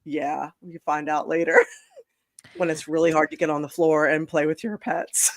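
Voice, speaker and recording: A woman with a low voice and level tone, speaking at normal speed with no room sound, hosts a chat show over a video call setup. She tells a frank story in a rambling way, packed with fillers, restarts, and self-corrections.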